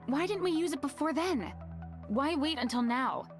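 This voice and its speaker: A woman voicing a weary, sharp-tongued young heroine who speaks bluntly. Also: high-pitched, expressive, normal speed, music in the background. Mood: suspicious. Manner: blunt, irritated.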